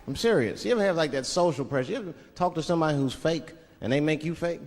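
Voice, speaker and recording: A fast-talking comic with a slightly high voice tells animated stories on a big theater stage, breaking into sudden voice impressions and holding a handheld mic. It's a live recording in a reverberant hall, and the crowd can be heard laughing.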